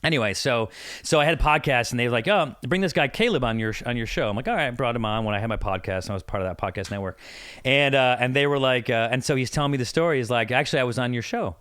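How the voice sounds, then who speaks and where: A man's voice: mid-range voice, quick pace, clear, resonant tone, dry recording, clean studio sound. A man who is a guest on a podcast, telling a travel story in a casual chat, acting out the people in it and poking fun at himself. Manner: lively, acts out quoted voices, self-deprecating.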